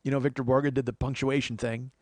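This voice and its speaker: A man's voice: mid-range voice, little pitch movement, fast talker, very noisy. A man hosting a comedy podcast, chatting casually and jokily, rambling with frequent restarts. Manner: rambling, joking, lots of "uh" restarts. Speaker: podcast host.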